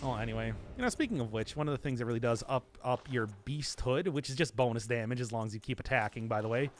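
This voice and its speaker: Male streamer, casual game commentary, rambling and joking, lively pitch swings, faint background noise. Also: quick pace. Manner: rambling, joking, laughs often.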